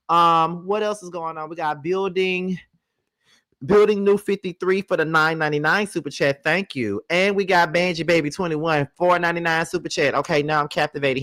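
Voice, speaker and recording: A man hosting a casual livestream, sleepy and relaxed, talking straight to his viewers. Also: a little high, no room sound, studio quality. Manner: relaxed, chatty, addresses viewers directly. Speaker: livestream host. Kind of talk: casual reaction-stream chat. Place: at home by his bed.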